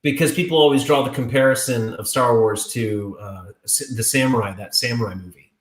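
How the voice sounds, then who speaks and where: A man in a casual video chat, rambling through animated stories with lots of restarts and laughter. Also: medium pitch, brisk. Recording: roomy echo.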